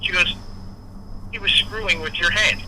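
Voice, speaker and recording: A man's voice: sits high, moderate pace, a little hiss or hum, low-quality recording. A man, a guest musician, telling a casual story and acting out the quoted dialogue. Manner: animated, acts out quoted dialogue.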